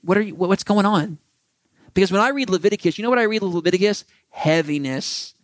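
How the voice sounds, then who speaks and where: Animated man preaching a conversational sermon. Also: sits high, fast talker, dry recording. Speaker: pastor. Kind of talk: sermon with closing prayer.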